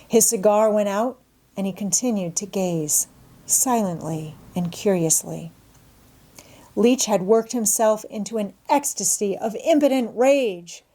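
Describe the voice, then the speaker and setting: Woman narrator, mellow warm tone, measured expressive reading, classic novel aloud. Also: medium pitch. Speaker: audiobook narrator.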